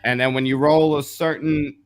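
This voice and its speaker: A man's voice: fairly high pitch, fairly even intonation, moderate pace. Male host, casual live stream chat, swears a lot, tells stories, faint music behind. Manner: profane, storytelling, greets viewers by name.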